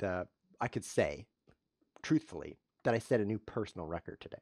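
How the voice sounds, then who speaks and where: Lively, self-mocking male chess streamer. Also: lowish voice, no echo, studio quality. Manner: self-mocking deadpan jokes with sudden yelps over blunders. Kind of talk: live-stream commentary while playing.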